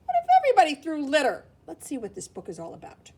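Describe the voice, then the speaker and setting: Lively, high-pitched woman reading aloud to kids. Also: fast talker, hardly any pauses. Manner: animated, exclaiming, talks to a helper. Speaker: teacher reading aloud to children. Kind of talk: expressive read-aloud for kids.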